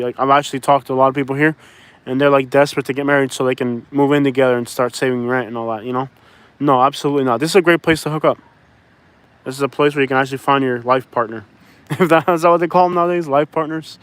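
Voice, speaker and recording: A man's voice: medium pitch, fairly even intonation, fast, a bit bright, clear, resonant tone, dry recording. A man from Miami chatting casually and jokingly to his viewers, rambling from one thought to the next. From Miami, Florida. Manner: loose, joking, addresses viewers as y'all. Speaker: vlogger. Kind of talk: casual rambling chat to camera.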